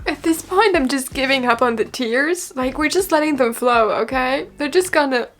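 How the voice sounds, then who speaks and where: High-voiced chatty, dramatic woman book vlogger. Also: normal speed, few pauses, a bit bright, soft background music. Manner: chatty and dramatic, often tearful. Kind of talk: casual chat to camera. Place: her bedroom.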